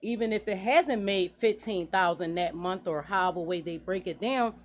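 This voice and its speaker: A woman in her forties, a guest business owner in a radio studio interview, talking in an earnest, animated way. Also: on the low side, normal speed. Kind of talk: casual interview talk.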